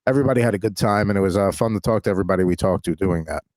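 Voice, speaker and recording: A man's voice: sits low, rapid-fire, a little mellow, no echo. Male podcast host, dry voice, rambling and upbeat in casual chat. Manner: rambling, many restarts, upbeat.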